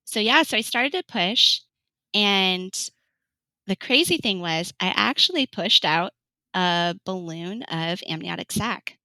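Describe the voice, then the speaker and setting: A woman's voice: mid-range voice, animated, takes it slowly, pauses often, sharp tone, no room sound, low-quality recording. A woman in her thirties from California telling her birth story in an interview, chatty, laughing often and acting out what people said. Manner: chatty, laughs often, acts out quoted lines. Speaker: podcast guest.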